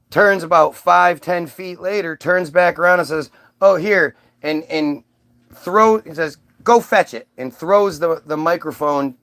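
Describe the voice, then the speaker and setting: A man's voice: fairly high pitch, a bit bright. A man ranting on his own channel in a rambling, profane way, restarting his sentences often. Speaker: vlogger. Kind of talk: ranting monologue.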